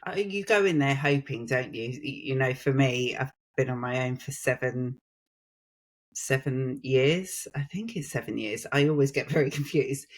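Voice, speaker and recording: A British woman speaks as a podcast guest, sincere and open. She pauses often and hunts for her words, with soft laughs along the way. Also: a bass voice. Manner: earnest, halting, with frequent fillers and soft laughs. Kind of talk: casual chat.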